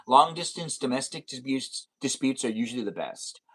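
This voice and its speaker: A man's voice: mid-range voice, expressive, moderate pace, fairly bright tone. A young man live-streaming a racing game, chatting casually and playfully with viewers and slipping into silly sing-song noises.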